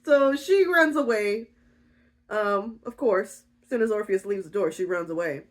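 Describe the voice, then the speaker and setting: Slow-talking giggly woman. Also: medium pitch. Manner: giggly, chatty, with frequent fillers. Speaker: book reviewer. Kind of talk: casual book recap.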